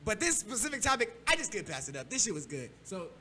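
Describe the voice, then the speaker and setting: A man's voice: sits high, sing-song, quick pace, pushed and bright, slight background noise. A man hosting a casual podcast, telling a story in a loose, profane way and laughing often. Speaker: podcast host.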